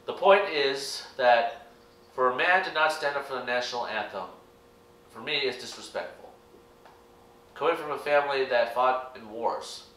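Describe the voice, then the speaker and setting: A man's voice: mid-range voice, pushed and bright, slight background noise. A young American man giving a rambling, earnest opinion vlog to his channel's viewers. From United States. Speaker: YouTube reaction vlogger. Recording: echoey room, distant mic.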